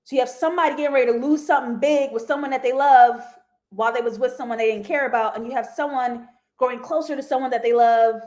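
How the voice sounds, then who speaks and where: A woman's voice: high-pitched, steady tone, fast talker, darkish tone. A young woman hosting a live TV review show, chatting casually to viewers with slangy asides and frequent laughter.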